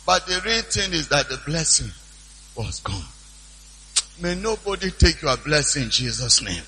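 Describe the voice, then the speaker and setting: A male preacher retells a scripture story in an animated sermon, repeating lines for emphasis. His voice is high, very bright and a little husky. Long reverb from a big church hall follows him. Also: a little slow.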